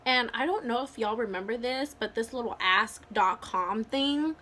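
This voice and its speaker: A young woman in her vlog, chatting through a personal story with lively energy. Her voice sits a little high and sounds bright and sharp, peppered with "like" and quick acted-out bits of dialogue. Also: slight background noise. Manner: animated, full of "like" and acted-out quotes. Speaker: vlogger. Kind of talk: casual storytime chat.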